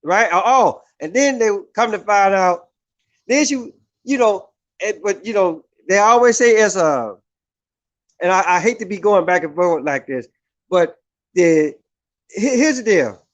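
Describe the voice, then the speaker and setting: Man, very high voice, vlogger ranting hard and cursing, circles back on points, keeps checking in with "right?". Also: expressive, a little slow. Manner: heated, repetitive, keeps asking "right?". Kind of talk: profane opinion rant.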